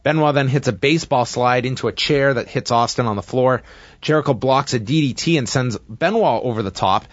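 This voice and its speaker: A man casually recapping a wrestling match play by play, with steady narration and frequent fillers. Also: mid-range voice, a little fast, no echo, lo-fi sound.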